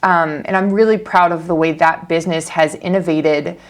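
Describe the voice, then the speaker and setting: An American woman in her thirties, a company founder, chatting casually as an interview guest with fillers and quick restarts. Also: on the low side, fairly even intonation. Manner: fast, chatty, frequent laughs and fillers. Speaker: podcast guest, medtech founder.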